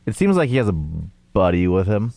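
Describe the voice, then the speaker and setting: A man's voice: deep voice, very animated, moderate pace, gravelly, mellow. A man co-hosting a podcast in casual chat, mostly short interjections and brief narration. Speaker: podcast co-host.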